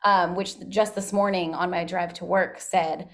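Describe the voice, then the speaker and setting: A woman's voice: lowish voice, steady tone, a little slow. A woman working as a school social worker, talking casually on a video call in a chatty way with many "like" fillers. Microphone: video call microphone.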